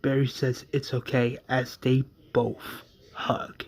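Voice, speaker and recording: A man casually retelling a fan story, rambling, repetitive and halting. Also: medium pitch, completely flat delivery.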